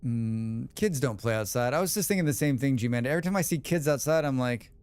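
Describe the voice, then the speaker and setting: A man's voice: medium pitch, lively intonation, fairly quick, a little mellow, clear, resonant tone, no room sound. A man streaming a game, chatting casually and answering chat with rambling, opinionated remarks. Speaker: livestream gamer. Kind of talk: casual livestream chat reading chat.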